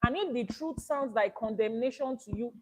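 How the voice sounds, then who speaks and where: Animated Nigerian woman teaching. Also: a little high, moderate pace, slight background noise, poor audio. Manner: animated, rhetorical questioning. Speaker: Ifá priestess. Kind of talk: spoken teaching broadcast.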